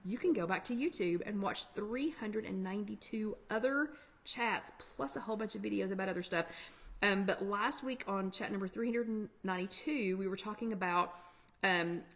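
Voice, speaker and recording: A woman hosting a live online workshop chat, talking fast in a chatty, encouraging way. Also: medium pitch, fairly bright tone. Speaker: workshop host. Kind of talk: casual live-stream chat.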